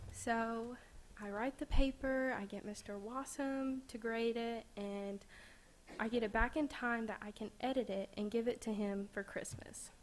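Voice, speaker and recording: A teenage girl addresses a school board in an emotional speech, holding back tears as she talks. Her voice sits a bit high. Faint ambient noise fills the meeting room behind her. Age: teens. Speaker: student speaker.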